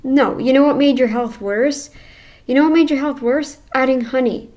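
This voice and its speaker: A woman's voice: high-pitched, normal speed, a little mellow. A woman hosting a reaction channel, talking back at a video with blunt, sarcastic commentary.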